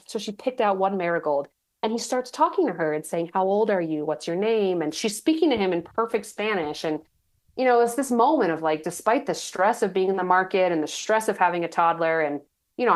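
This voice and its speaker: A woman in her thirties from Texas, a guest telling stories in a chatty, animated way with lots of fillers. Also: a little high. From Texas, United States. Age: 30s. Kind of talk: casual interview storytelling.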